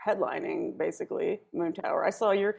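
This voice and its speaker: A woman co-hosts a casual podcast, and her voice has a gravelly edge. She rambles and giggles, stopping and restarting her thoughts. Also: fairly low pitch, fairly even intonation, brisk, a little mellow, dull audio. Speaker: podcast co-host.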